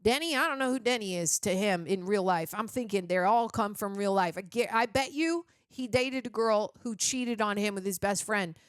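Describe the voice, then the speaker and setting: A woman's voice: mid-range voice, normal speed, hardly any pauses, dry recording, studio quality. A woman hosting a casual movie reaction, chatty and rambling with lots of fillers.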